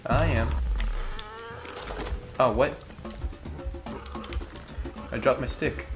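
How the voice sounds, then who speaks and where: A man doing let's play commentary, excitable and prone to yelling reactions and silly caveman talk. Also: medium pitch, drawn-out words, long pauses. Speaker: gaming video creator. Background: game music.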